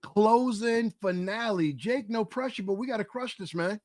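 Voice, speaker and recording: An energetic male podcast host with a high voice and a hyped, emphatic delivery, repeating phrases for effect. His voice sounds dry and close, with no room around it, as he welcomes his audience and interviews a guest. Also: moderate pace, no room sound. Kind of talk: live podcast hosting and interviewing.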